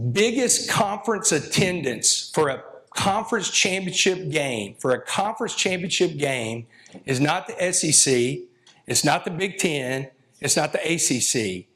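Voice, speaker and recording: A man's voice: fairly high pitch, a bit bright. Folksy man, older coach. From Texas. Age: 50s. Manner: folksy, emotional, rambling. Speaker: football coach giving a talk. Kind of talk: speech to an audience.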